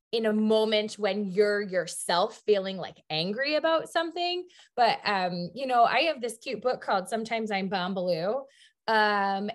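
Earnest mother talking on a panel. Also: medium pitch. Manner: earnest, fillers like "um" and "like". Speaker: parent panelist. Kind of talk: panel discussion.

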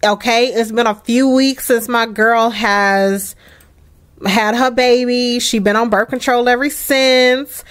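A young woman hosting a life-sim let's play, giving casual, chatty and emphatic gameplay commentary with excited bursts. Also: fairly high pitch, takes it slowly.

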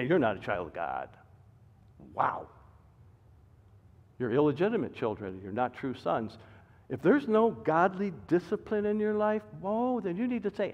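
An older man preaches in a high, lively voice that leaps from soft asides to loud emphatic bursts. The recording is muffled and carries a long church echo. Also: normal speed. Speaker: pastor. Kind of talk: sermon. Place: church sanctuary. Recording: dull reverberant church recording.

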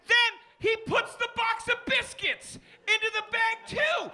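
A man performing a stand-up comedy set in a club, telling a story with shouted punchlines and acted-out characters, with the audience laughing. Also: very high voice, fairly even intonation, a little slow. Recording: live club recording with crowd noise.

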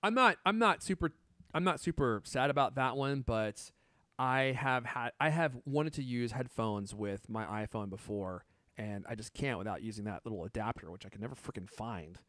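A man's voice: mid-range voice, normal speed, fairly bright tone, no room sound. Guy in his 30s, chatty tech podcast cohost, laughs a lot, dry close mic. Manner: chatty, joking, laughs often. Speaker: podcast co-host. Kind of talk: casual tech chat.

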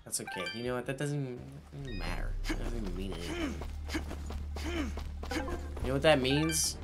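A man hosting a gaming channel, giving let's-play commentary with excitable, swearing, shouting reactions. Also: medium pitch, brisk. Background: loud game music.

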